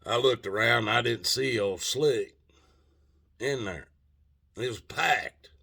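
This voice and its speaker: Gravelly man telling a rambling story. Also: mid-range voice, takes it slowly, bright, forceful tone. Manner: rambling, profane, frequent restarts. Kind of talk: casual storytelling.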